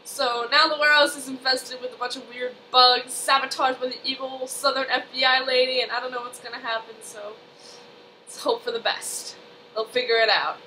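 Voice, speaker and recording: A young woman vlogging from home into a webcam, her voice high and bright. She rambles through the plot with endless "like"s and "um"s, gushing as she goes. A faint hiss of background noise sits under the recording. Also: level tone, moderate pace, low-quality recording. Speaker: vlogger recapping a TV episode. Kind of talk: casual recap chat.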